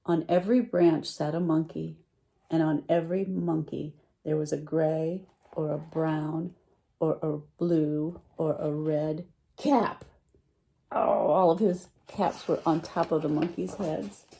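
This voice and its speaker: A woman teacher reading a picture book aloud to children, animated and full of questions for her listeners. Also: sits low, slow, gravelly. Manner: animated, asks listeners questions, lively voice swings.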